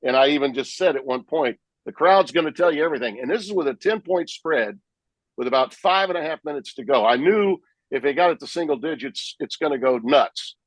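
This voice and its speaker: A man, a sports broadcaster, telling lively stories about calling games in a podcast interview. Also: medium pitch, a little fast, no echo, rough recording. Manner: animated, vivid storyteller who acts out his own play calls. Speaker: sportscaster guest.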